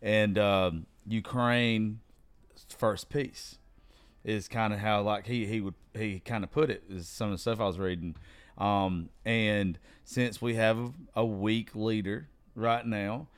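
A man's voice: fairly low pitch, steady tone, takes it slowly, clear, resonant tone, dry recording. A man hosting a casual political talk show, rambling loosely with hesitations, then speaking with more fire.

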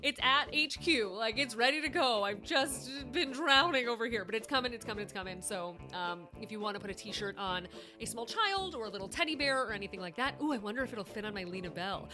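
A woman podcast host with a high, bouncy voice that swoops up and down as she chats. She sounds casual and a little apologetic, and she pokes fun at herself. Music plays clearly underneath her. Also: lively intonation, brisk, bright, forceful tone. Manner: chatty and apologetic, self-deprecating.

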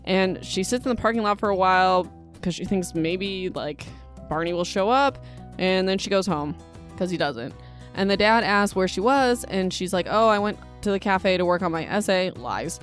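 A woman's voice: mid-range voice, normal speed, soft background music. A young woman casually retelling a novel's plot as a podcast host, chatty and emotional, with lots of fillers and side comments. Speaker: podcast host recapping a book. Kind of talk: casual book recap chat.

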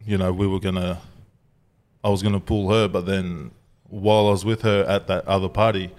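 A man's voice: low voice, little pitch movement, a little fast, a little mellow. A young Australian man co-hosting a podcast, telling crude stories in casual banter and laughing often. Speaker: podcast co-host.

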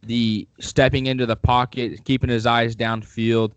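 A man co-hosting a casual sports podcast, talking through football in a measured, explanatory way. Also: medium pitch, level tone, clean tone, no echo, lo-fi sound. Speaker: podcast co-host.

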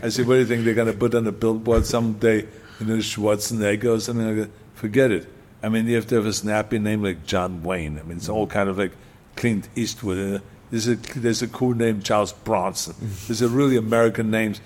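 A man's voice: lowish voice, steady tone, brisk, a little mellow, a little hiss or hum. An older man with an Austrian accent, a guest telling his story in casual talk, emphatic and repeating key phrases for punch.

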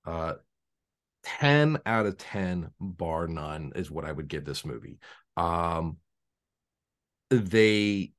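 A man co-hosts a relaxed podcast, telling stories with a low voice that jumps up and down with every turn. He trips over his words, restarts and laughs as he goes. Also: slow, pauses often. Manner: animated storyteller, stammers and restarts, laughs often. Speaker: podcast co-host. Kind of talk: casual chat.

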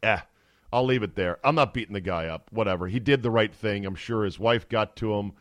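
A man hosting a sports talk podcast, giving casual, sarcastic and animated commentary. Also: on the low side, fairly quick, no echo. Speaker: podcast host. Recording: dry close studio sound.

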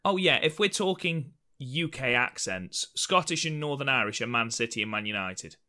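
Bright-voiced chatty podcast man. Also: medium pitch, expressive, normal speed. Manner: chatty, jokey, swears casually. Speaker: podcast co-host. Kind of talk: casual wrestling review chat.

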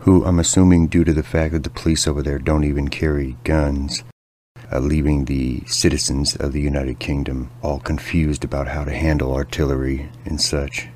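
A man's voice: extremely low pitch, level tone, normal speed, a little mellow. A man hosting a comedy podcast, talking in a crude, sarcastic, ranting way. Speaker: podcast host.

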